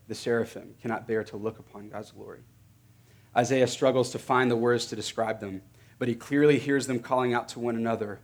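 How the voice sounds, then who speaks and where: A man's voice: mid-range voice, fairly even intonation, brisk. A man preaching a sermon as pastor, earnest and building to emphatic, repeated phrases.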